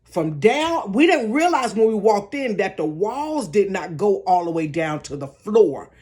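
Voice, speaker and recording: An older woman telling a dramatic story from her bedroom, talking straight to her viewers in a casual, expressive way. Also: medium pitch, measured pace.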